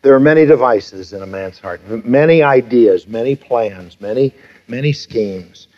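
A man's voice: medium pitch, normal speed. A pastor in his fifties preaching a sermon, emphatic, with rhetorical questions and repeated phrases. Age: 50s. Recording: dull lo-fi sermon recording.

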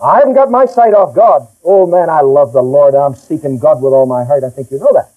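A man's voice: a little high, brisk, narrow, tinny audio, soft background music. A middle-aged male pastor preaching a folksy, emphatic sermon and reading scripture aloud.

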